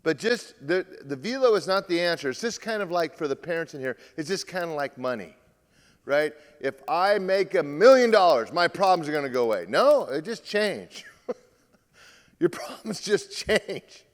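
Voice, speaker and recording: A male pitching coach giving a lively live talk to players and parents, acting out what players say. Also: brisk, long reverb tail. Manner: animated, acts out quotes from players. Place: large room with a live audience.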